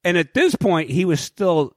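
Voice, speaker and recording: Guy cohosting a podcast, swears a lot, hyped storytelling, kinda high voice. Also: a little slow, dry recording, clean studio sound. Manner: profane, animated storyteller. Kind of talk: casual podcast chat.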